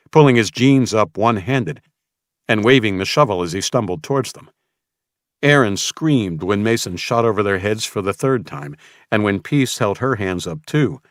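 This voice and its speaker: Deep-voiced male audiobook narrator. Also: no room sound, clean studio sound. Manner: tense storytelling.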